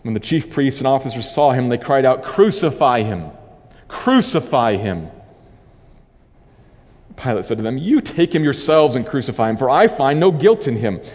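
A man preacher reading a scripture passage aloud and then explaining it as a sermon, in a measured, dramatic voice. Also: medium pitch, animated, darkish tone, big-room sound.

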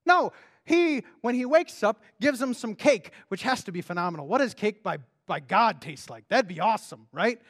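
A man preaching a sermon in an animated, conversational way, with many restarts and rhetorical questions. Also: high voice, normal speed. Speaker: pastor.

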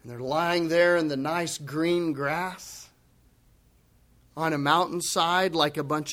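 A man preaching a sermon as pastor, swinging from hushed near-whispers to emphatic outbursts and acting out voices in conversational asides. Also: fairly high pitch, steady tone, slow pace. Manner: acts out quoted speech in conversational asides.

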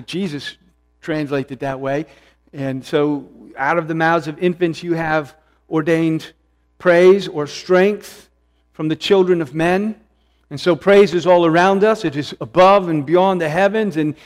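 A man's voice: on the high side, darkish tone, in a large hall. A male pastor preaching an expository sermon, earnest and searching, with restarts and rising emphasis.

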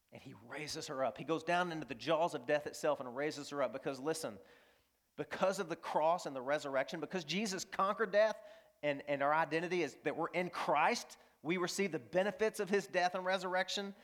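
Emphatic man preaching a sermon. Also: fairly high pitch. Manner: emphatic, repeats key phrases, animated storytelling. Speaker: pastor.

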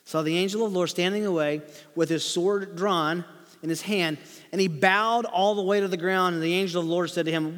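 High-voiced man telling a Bible story. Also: fairly quick, big-room sound. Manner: animated storytelling, chuckles at funny bits. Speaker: preacher teaching children. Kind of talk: Bible lesson for kids, read-aloud with commentary.

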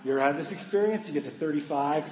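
A man's voice: a little high, very fast, a little mellow, a little hiss or hum, rough recording. A man preaching a sermon in a conversational, joking way, often asking his listeners questions. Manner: conversational, humorous, asks the congregation questions. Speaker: pastor.

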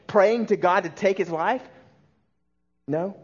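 A man with a Southern US accent preaches to his congregation in an earnest, high voice. He often lets his words drop soft and low for emphasis. The recording sounds dull and lo-fi. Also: unhurried, husky. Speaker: pastor. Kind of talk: sermon.

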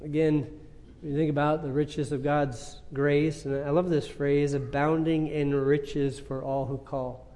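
A man's voice: level tone, unhurried. Preaching man in an echoing hall. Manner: emphatic preaching, rising to loud peaks and dropping low. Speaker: pastor. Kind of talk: sermon. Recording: long hall reverb.

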